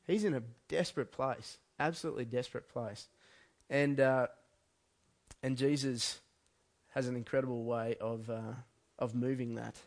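A man with a mid-range, darkish voice preaches a sermon conversationally, often restarting his sentences and using fillers.

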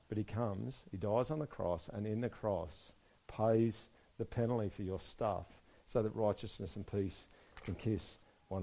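A man preaching a sermon, moving between soft, quiet stretches and loud, emphatic passages. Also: fairly low pitch, creaky. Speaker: pastor.

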